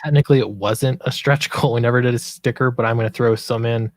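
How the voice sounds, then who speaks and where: A man's voice: mid-range voice, fairly even intonation, fast talker, no room sound. A man who makes comics, chatting casually on a stream and talking with many hesitations. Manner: hesitant, many fillers and restarts. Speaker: comic creator, stream host. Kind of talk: casual chat.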